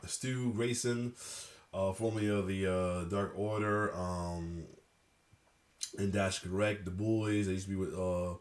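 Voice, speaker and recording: A man's voice: fairly low pitch, a little mellow. A man hosting a reaction video, rambling with many fillers and blunt asides. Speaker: reaction channel host. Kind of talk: casual reaction commentary.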